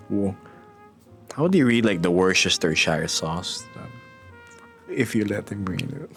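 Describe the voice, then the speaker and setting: Playful, lively male streamer reading chat. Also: on the low side, slow, creaky, soft background music. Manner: playful, laughs often, reads chat aloud. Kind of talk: casual live-stream chat.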